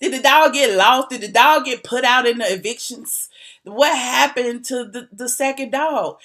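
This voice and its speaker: A woman hosting a gossip commentary channel, talking to her viewers in a sassy, animated, teasing way and laughing often. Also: fairly high pitch, normal speed. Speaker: YouTube commentary host.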